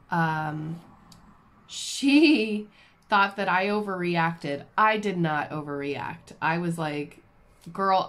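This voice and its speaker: A woman vlogger telling a personal story in a casual, animated, self-deprecating way with lots of fillers. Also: on the low side. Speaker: crafting vlogger.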